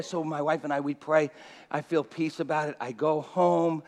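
A pastor preaching through a personal story, his high, gravelly man's voice carrying a long echo around the hall. He talks in an animated way, tripping into restarts and scattering "you know" through his sentences. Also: normal speed. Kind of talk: storytelling sermon.

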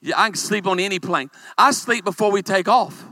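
A man, a pastor, preaching a humorous sermon with animated storytelling and calls for amens. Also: high-pitched, fairly quick, no room sound.

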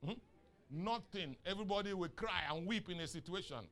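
A Nigerian man preaching a sermon, asking the congregation questions and rising into shouts on key lines. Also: sits high, lively intonation, brisk. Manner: asks the crowd questions and waits for answers. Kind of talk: sermon with call and response.

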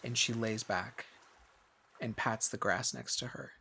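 Chill guy running a tabletop game, slow and loose, lots of likes. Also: lowish voice, fairly even intonation, pushed and bright, slightly rough. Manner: loose, casual narration with fillers. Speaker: game master.

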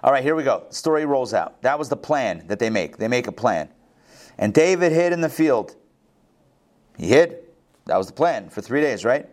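A man teaching a Bible class. He reads verses aloud and breaks in with casual commentary, full of restarts and quick asides. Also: mid-range voice, very animated.

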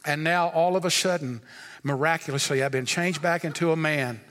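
A man voicing a sly, scheming male priest in a lowered, hushed and confiding voice. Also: normal speed, big-room sound, lightly acted. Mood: sheepish.

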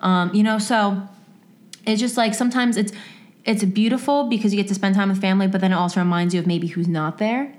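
A woman co-hosting a podcast in casual chat, chatty and quick to laugh. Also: mid-range voice. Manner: chatty, laughs easily, animated. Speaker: podcast co-host.

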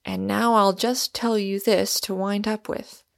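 Storybook role: a severe, roguish young man, read by a woman, slow and deliberate, with a gravelly edge. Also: medium pitch, little pitch movement, dry recording, studio quality. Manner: severe, mocking authority. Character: stern, roguish young man holding a pistol.

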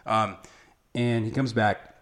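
A man's voice: on the low side, steady tone, takes it slowly, fairly bright tone. A man telling an emotional birth story in casual conversation, acting out what people said. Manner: emotional storytelling, acts out quotes. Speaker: father, guest. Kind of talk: casual podcast chat.

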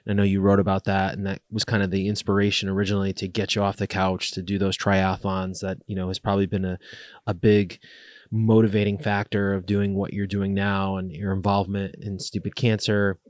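A man's voice: low voice, completely flat delivery, a little fast, no echo, studio quality. A man hosting a podcast interview, asking long rambling questions with many fillers. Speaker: podcast host. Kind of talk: interview conversation.

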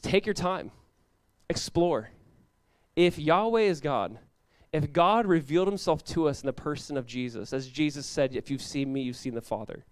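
Young male pastor, high voice, dry close sound, loose conversational sermon delivery. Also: normal speed, no room sound. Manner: casual, animated preaching with frequent "like" and laughs.

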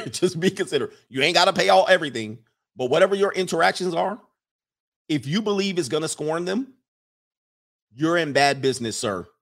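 A man hosting a live stream, giving a casual commentary monologue in an animated, preachy way and repeating his lines for emphasis. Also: a little high, fairly quick, long pauses. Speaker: live-stream host reading viewer comments.

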